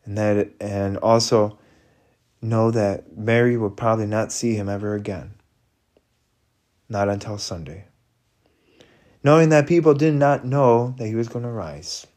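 A man giving a slow, halting devotional retelling and prayer, reflective, with frequent restarts. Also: lowish voice, darkish tone. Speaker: preacher.

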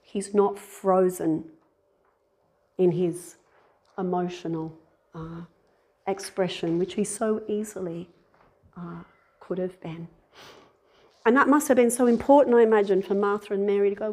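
A woman giving a conversational sermon, animated, acting out little voices and laughing at herself. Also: medium pitch, unhurried, pauses often. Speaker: speaker giving a talk.

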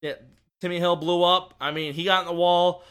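A man with a high, bright voice co-hosts a casual podcast. He rambles eagerly, restarting sentences as he goes. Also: a little fast, clear, resonant tone. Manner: excited, rambling, many restarts. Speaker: podcast co-host. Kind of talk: casual racing chat.

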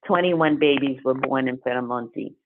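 A woman who is a podcast guest, telling a story in an animated, emphatic way. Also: very deep voice, moderate pace, slight background noise. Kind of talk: storytelling interview. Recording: phone-like narrow sound.

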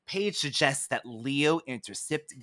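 A man co-hosting a casual podcast, recapping a TV episode in an animated way and often playing at funny voices. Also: mid-range voice, measured pace, no echo, clean studio sound. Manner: animated, slips into mock voices and laughs. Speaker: podcast co-host.

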